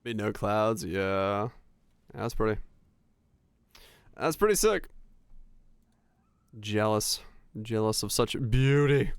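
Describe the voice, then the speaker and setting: A male streamer chats loosely while he plays, rambling through stories and laughing often. His voice is low and smooth, recorded dry and close. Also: fairly even intonation, unhurried, no echo. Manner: rambling, laughing storytelling with many fillers. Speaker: game streamer. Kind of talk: casual chat while gaming.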